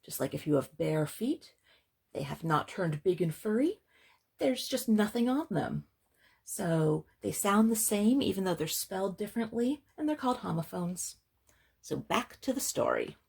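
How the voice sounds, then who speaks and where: A woman librarian reading a picture book aloud for children, slow and gentle, pausing to explain words. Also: mid-range voice, lively intonation, vocal fry, slightly rough.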